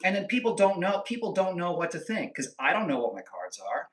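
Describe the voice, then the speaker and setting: A young man chats with his stream chat in playful, trolling banter. His voice is bright and forceful and a little higher than most men's. He sits back from the mic in a roomy, echoey space. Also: very animated, a little fast, far from the mic. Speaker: livestream host. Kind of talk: casual live-stream chat reading comments. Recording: echoey room, voice a bit off-mic.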